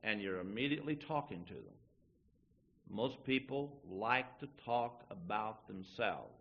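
A man's voice: on the low side, expressive, unhurried, gravelly, lo-fi sound, slight background noise. A man preaching a folksy sermon to his church, acting out little everyday dialogues as he teaches. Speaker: pastor.

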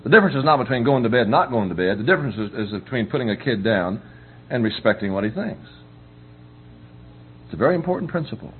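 A man's voice: medium pitch, very animated, fast talker, pauses often. A middle-aged man preaching a conversational sermon on parenting, folksy, often asking whether listeners understand. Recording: tinny phone-like recording with faint hum.

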